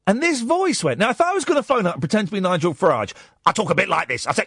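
English man, radio phone-in host, high voice, very lively swings, dry close studio sound. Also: very fast, breathy edge, no echo. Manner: animated storytelling, mocking asides. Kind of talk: casual phone-in chat. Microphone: studio microphone.

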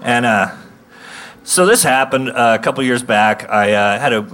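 Bright-voiced man in his thirties telling a stand-up story. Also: medium pitch, moderate pace. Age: 30s. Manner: ranting, shouts in bursts of mock rage. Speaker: stand-up comedian.

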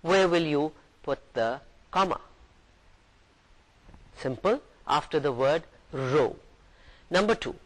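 A man's voice: on the high side, poor audio. A man giving a recorded university lecture, patiently explaining each point and reading example sentences aloud.

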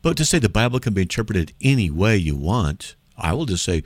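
Animated, lively-pitched male radio host. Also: brisk, hardly any pauses, no room sound. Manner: animated, emphatic, argues by playing out mock dialogues. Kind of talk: call-in radio apologetics talk.

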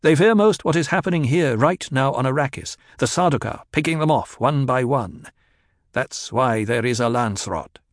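A man plays an imperious young duke heir who talks down to his elders in a forceful, cold voice. The audiobook sound is dry and close, with no room around it. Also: mid-range voice, expressive, moderate pace, no room sound, voice pushed up, close to an everyday voice. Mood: commanding.

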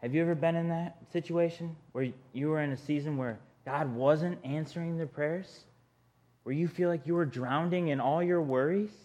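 A man's voice: a little high, moderate pace, darkish tone. A man preaching a sermon in an earnest, conversational way, often speaking straight to his listeners.

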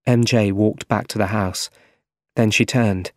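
A man narrating an easy-English story for learners, reading clearly and carefully. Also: mid-range voice, normal speed, a little mellow, no room sound, studio quality. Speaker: audiobook narrator.

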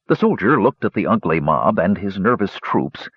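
A man reads a first-person fantasy tale in a husky, lowish voice with big swings of pitch. The recording is dry and a little dull, with no room sound. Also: a little fast, few pauses, no echo. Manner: expressive, theatrical storytelling. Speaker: audiobook narrator. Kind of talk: scripted first-person story narration.

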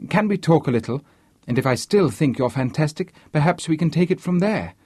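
A man's voice: a little high, lively intonation, brisk, dark tone, slightly rough, no echo, pitched above the performer's own voice. A man voicing a charming, diffident young man who chats politely with a woman on a train. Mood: eager, chatty.

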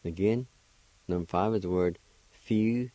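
A deep-voiced man hosts a language lesson, spelling words letter by letter and repeating every syllable slowly and patiently. The sound is close and dry, with no room around it. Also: mellow, dry recording, rough recording. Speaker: radio host teaching Cherokee words. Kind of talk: slow spelling and pronunciation lesson.

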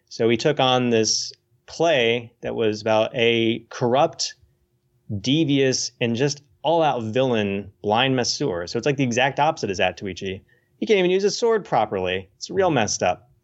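A man co-hosting a casual podcast about films, explaining in a rambling, hesitant way with many pauses. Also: mid-range voice, lively intonation, dull audio. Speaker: podcast co-host.

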